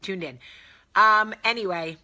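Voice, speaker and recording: A woman's voice: mid-range voice, a little slow, pushed and bright. A woman with a New Jersey accent hosting a casual live chat, candid and jokey with blunt, salty asides. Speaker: host.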